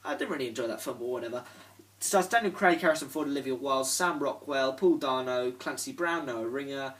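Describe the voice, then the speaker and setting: A young man rambling casually in a disc collection vlog, swearing a lot and filling pauses with ums. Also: mid-range voice, lively intonation, a bit bright. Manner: rambling, swears often, lots of fillers. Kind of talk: casual unscripted chat. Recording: voice from a distance off the mic.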